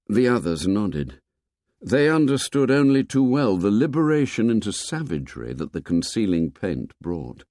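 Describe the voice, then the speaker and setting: A man reads a novel as an audiobook, measured and expressive like a storyteller. His voice is on the low side, and the studio-quality recording has no room sound.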